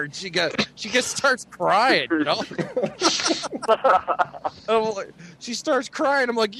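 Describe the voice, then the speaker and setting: A man whose voice sits high, speaking a little slowly, tells a dating story to friends as co-host of a casual podcast. He's animated and profane, laughing as he tells it.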